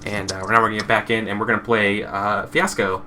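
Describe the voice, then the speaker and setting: A man hosts a show and runs a tabletop game, rambling casually during setup and trailing off into self-deprecating restarts. His fairly low voice is level and fast with a sharp edge, over a little hiss or hum.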